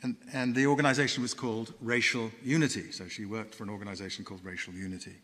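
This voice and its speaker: A man giving a public lecture as a guest speaker, telling his story in a measured way, pausing often with fillers. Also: on the low side, fairly even intonation, a bit bright. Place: university lecture hall. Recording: long reverb of a lecture hall.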